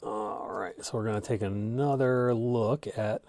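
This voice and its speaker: A man's voice: on the low side, steady tone, unhurried, darkish tone, no echo. A man hosting a live-stream health talk as a clinician. He explains research and reads viewer comments in a conversational way, with many fillers and restarts. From United States. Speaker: host and clinician.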